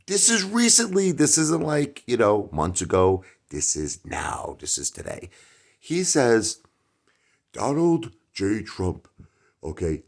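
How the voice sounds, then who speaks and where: A middle-aged man hosting his own channel, talking casually in a rhetorical opinion monologue that swings from loud outbursts to muttered asides. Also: lowish voice. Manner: animated, rhetorical, jumps between loud and mumbled asides. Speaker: YouTube channel host.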